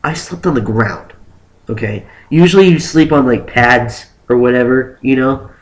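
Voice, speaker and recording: A young man telling a story casually on his vlog, animated and rambling, with lots of "like" fillers. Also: mid-range voice, moderate pace, rough recording. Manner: acts out exaggerated quotes of himself and others. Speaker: vlogger.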